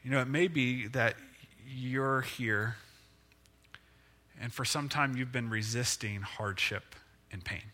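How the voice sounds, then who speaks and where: A male pastor giving a conversational, self-deprecating sermon with lively rises and falls in pitch. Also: slow pace.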